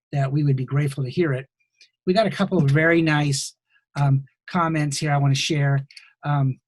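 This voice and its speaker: A man with a somewhat high voice hosts a podcast over a video call, hesitating with frequent ums as he thanks listeners and welcomes his guest. The sound is very dry and close. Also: no echo. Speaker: podcast host. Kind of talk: casual video-call interview.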